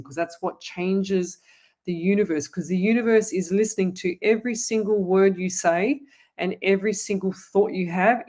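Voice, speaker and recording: A woman's voice: mid-range voice, a little mellow. A woman, a psychic medium hosting a live online Q&A, giving earnest, urgent advice and calling her viewers "lovey". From Australia. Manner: addresses viewers as lovey and guys.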